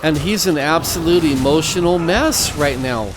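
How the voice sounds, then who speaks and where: A man hosting a game video who preaches between moves, unhurried and repeating his phrases like a sermon. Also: on the high side, noisy background. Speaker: gaming channel host. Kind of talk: gameplay commentary mixed with preaching.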